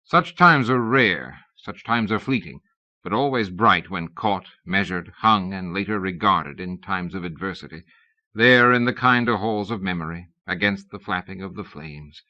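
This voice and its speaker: Low-voiced guy reading an audiobook, wry and measured, bright tone, old muffled tape. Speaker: audiobook narrator. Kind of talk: audiobook narration. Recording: dull lo-fi cassette recording.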